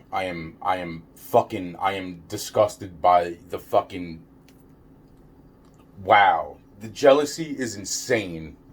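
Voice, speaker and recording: A man's voice: low voice, slight background noise. A man talking straight to camera in a rambling, profane vlog rant, repeating himself and stumbling over restarts. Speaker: vlogger. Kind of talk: ranting vlog monologue.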